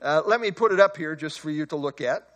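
A man preaching an expository sermon, emphatic, slowing and rising on key words. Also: fairly high pitch.

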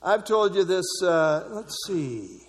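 A man's voice: high-pitched, animated, takes it slowly, big-room sound. A man preaching a sermon in a conversational way, repeating phrases for emphasis. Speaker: pastor.

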